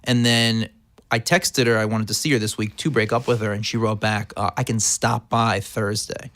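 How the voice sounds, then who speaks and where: A man's voice: lowish voice, flat delivery, a little fast, fairly bright tone. A man in his forties with a Brooklyn accent, a therapist guest telling rambling, candid stories in casual podcast chat.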